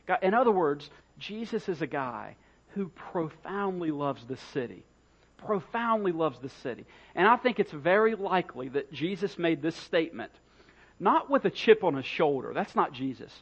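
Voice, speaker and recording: A man's voice: a little high, big pitch swings, normal speed, breathy edge, highs cut off. Man preaching conversationally, repeating phrases. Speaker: pastor. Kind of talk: sermon.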